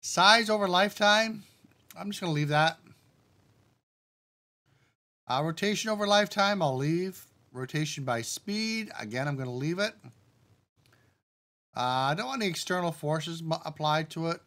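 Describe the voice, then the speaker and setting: A man's voice: on the high side, normal speed, long pauses. Man thinking aloud on a live stream. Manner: relaxed, talks himself through settings step by step; addresses the chat directly. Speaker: game developer streaming live.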